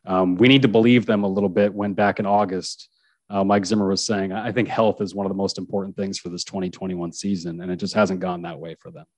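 Guy on a sports pod, low voice, dry close sound, keeps restarting sentences and chuckling. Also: little pitch movement, a little fast, no room sound. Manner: conversational, frequent restarts and chuckles. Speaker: sports reporter guest. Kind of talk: casual sports chat.

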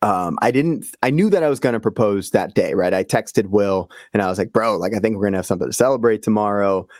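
A man chats on a podcast, spinning an animated story and swearing freely. His voice sits a little low and is recorded dry and close, with no room sound. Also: quick pace, no room sound. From Boston area. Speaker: podcast guest. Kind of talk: casual podcast chat.

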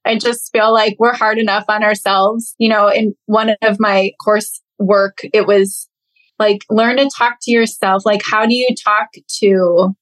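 A woman's voice: medium pitch, flat delivery, unhurried, fairly bright tone, rough recording. A woman in her thirties, a health coach speaking as a podcast guest in an earnest, reflective way. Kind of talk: casual interview chat.

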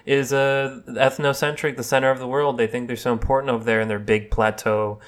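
A man's voice: mid-range voice, little pitch movement, fairly quick. A man co-hosting a casual podcast chat, joking and rambling in a teasing way. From United States. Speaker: podcast co-host.

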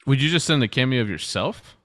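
A man's voice: mid-range voice, expressive, quick pace, fairly bright tone. A man co-hosting a podcast, joking around in an easygoing way. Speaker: podcast co-host. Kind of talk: casual podcast chat.

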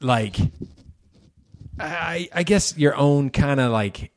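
Halting man reminiscing. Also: fairly high pitch, animated. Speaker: podcast co-host. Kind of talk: casual chat.

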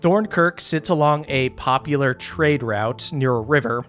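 A man's voice: medium pitch, a little slow, a bit bright, faint music behind. A man hosting a tabletop game podcast as game master, opening with a playful, mock-grand storybook narration.

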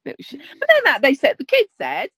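A woman in her thirties from England, cohosting a podcast and telling funny stories in a sweary, animated way. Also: sits high, quick pace, no room sound. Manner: sweary, animated, jumps into quoted voices. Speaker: podcast co-host. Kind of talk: casual chat, comic storytelling.

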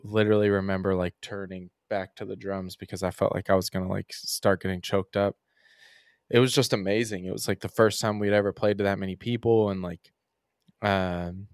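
A man's voice: on the low side, smooth, dry recording. Young man, a musician guest telling rambling stories over a dry close mic in a podcast. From Kentucky. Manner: rambling, frequent "like" and "um" fillers. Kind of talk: casual podcast storytelling.

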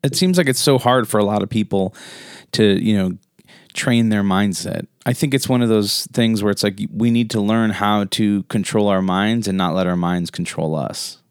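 Relaxed low-voiced podcast host. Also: male voice, normal speed, smooth, no room sound, clean studio sound. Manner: relaxed, laughs easily, filler words. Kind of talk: casual podcast chat.

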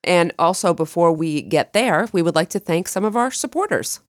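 A woman with a fairly low voice co-hosts a true crime podcast and tells the case in a chatty way. Her pitch leaps up when she gets excited. The sound is dry and close, with no room around it. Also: moderate pace, dry recording. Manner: lively, with big pitch jumps when excited. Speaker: podcast co-host.

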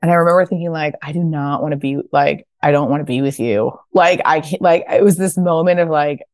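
Low-voiced woman telling animated stories. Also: a little fast, dry recording. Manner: animated, acts out quotes in high voices, swears casually. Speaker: guest, fashion brand founder. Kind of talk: casual interview storytelling.

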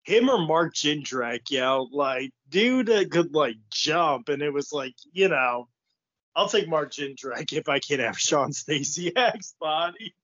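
A man co-hosting a podcast in casual chat, making candid, quick asides. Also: a little high, lively intonation, a bit bright, no echo. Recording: dry, dull lo-fi sound.

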